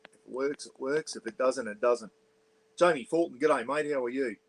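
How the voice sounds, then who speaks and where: A man's voice: medium pitch, moderate pace, rough recording. An Australian man hosting a casual livestream from a caravan on an iPad, chatting loosely, greeting viewers and reading their comments aloud while keeping his voice down. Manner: keeps voice down for neighbours. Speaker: livestream host. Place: small caravan, indoors.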